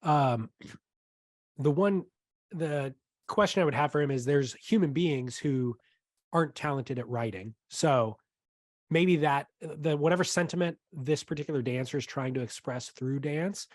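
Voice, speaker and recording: A man co-hosting a podcast, chatting casually in a playful, animated way. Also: fairly high pitch, unhurried, no room sound, studio quality. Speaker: podcast co-host. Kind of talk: casual chat.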